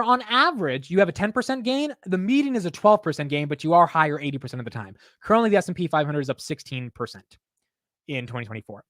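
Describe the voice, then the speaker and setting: A man hosting a live market show, talking casually in an animated, profane, self-mocking way. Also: on the high side, no room sound, studio quality. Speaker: market livestream host.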